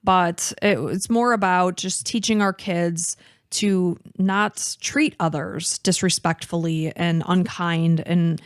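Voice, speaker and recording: Fast-talking earnest woman podcaster. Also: on the low side, steady tone, clear, resonant tone, no echo, studio quality. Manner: fast talker, earnest and emotional. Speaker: podcast co-host. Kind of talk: casual chat.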